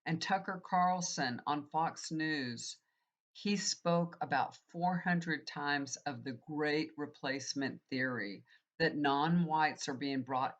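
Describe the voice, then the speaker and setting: A woman's voice: low-pitched, lo-fi sound. A woman tarot reader and healer in an earnest, rambling casual spiritual talk, with many fillers.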